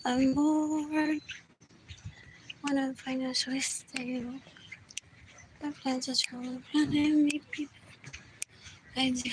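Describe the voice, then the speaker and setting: A high-pitched woman rambles through a solo livestream, repeating herself and sliding into whispers. She talks slowly, and loud outdoor ambience with chirping birds runs under her voice. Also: level tone, noisy background. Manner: repetitive, muttering, drifts into whispers. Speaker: livestream host.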